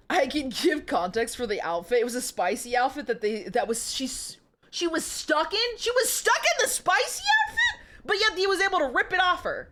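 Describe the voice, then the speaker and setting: Giggly animated woman streamer. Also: on the high side, moderate pace. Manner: giggly, animated, self-mocking. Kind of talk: reading smut aloud with live commentary.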